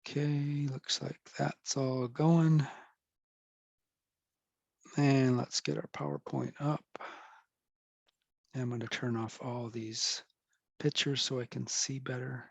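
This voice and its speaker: A man's voice: mid-range voice, level tone, slow, vocal fry, pauses often, dry recording. A middle-aged man, a professor, giving a casual, rambling recorded lecture and correcting himself as he goes.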